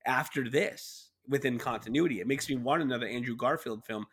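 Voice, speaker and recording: A man's voice: medium pitch, brisk, a bit bright, slightly rough. A man co-hosting a podcast, chatting casually about movies with many restarts. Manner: rambling, many fillers and restarts. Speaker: podcast co-host.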